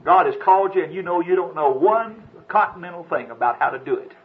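A man's voice: fairly high pitch, fairly quick. A man preaching an earnest, dramatic sermon, telling a story and reflecting on faith. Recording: dull lo-fi recording.

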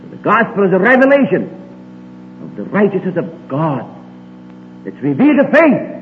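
A man preaching a sermon, swinging between emphatic rises and quiet low asides. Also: huge pitch swings, normal speed. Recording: tinny lo-fi recording with long hall reverb and faint hum.

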